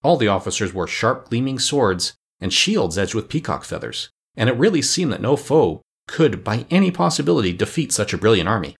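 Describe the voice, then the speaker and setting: A man narrating a classic children's storybook in a measured, even reading. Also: fairly low pitch, vocal fry, husky. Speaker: audiobook narrator. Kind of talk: scripted narration.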